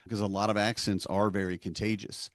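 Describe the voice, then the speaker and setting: A man co-hosting a podcast who runs tabletop games, talking in a relaxed, rambling and self-deprecating way. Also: on the low side, brisk, dry recording. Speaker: podcast co-host and game master. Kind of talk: casual podcast chat.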